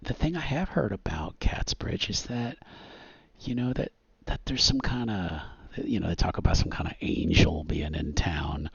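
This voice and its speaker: A man voicing a loud, boisterous, charismatic man in his fifties who talks in a folksy, glad-handing way. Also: sits low, normal speed, creaky, husky, no room sound, exaggerated voice. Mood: chummy. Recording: dull muffled audio.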